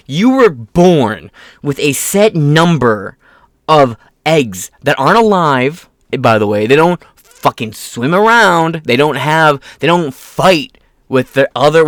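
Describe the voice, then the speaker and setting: A man's voice: mid-range voice, dry recording, studio quality. A man giving a profane, mocking political rant, swearing constantly and sneering at his opponents. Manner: reads quotes aloud, mocks opponents in put-on voices. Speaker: political commentary host. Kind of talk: profane ranting commentary.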